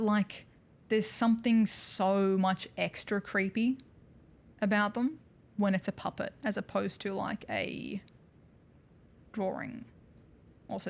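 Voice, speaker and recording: A woman streaming a video game, chatting casually, thanking viewers and making wry asides. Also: mid-range voice. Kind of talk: casual livestream commentary.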